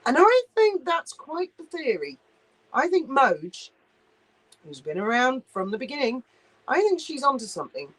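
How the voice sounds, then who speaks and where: A woman's voice: high voice, big pitch swings, moderate pace, fairly bright tone, a little hiss or hum, rough recording. A woman hosting a casual livestream, reading viewer comments aloud and answering in a chatty, blunt, sweary way. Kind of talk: casual live chat.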